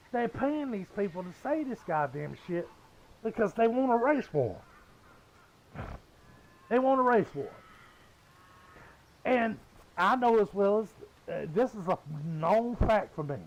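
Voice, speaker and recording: This gamer is a man in his fifties from the American South who curses heavily in a blunt, casual rant as he plays. He sounds animated but a little slow, with a high voice and long pauses, on a rough recording.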